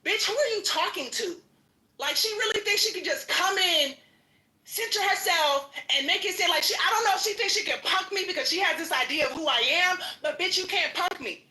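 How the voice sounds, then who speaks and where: A woman's voice: very high voice, animated, brisk, sharp tone, reverberant. A woman arguing in an audio chat room, profane and combative, hurling insults. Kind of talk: heated argument. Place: home gym.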